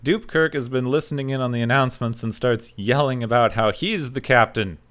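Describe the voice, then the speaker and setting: A man's voice: mid-range voice, a little fast, fairly bright tone. Wry man recapping an episode. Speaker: podcast host. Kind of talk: casual chat recapping an episode.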